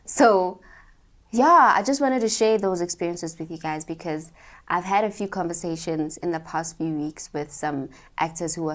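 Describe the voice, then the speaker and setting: Young woman vlogger, low-ish pitch, animated and chatty, addresses the camera directly. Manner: animated, chatty, talks straight to viewers. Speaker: actor sharing advice. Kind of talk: casual vlog storytelling.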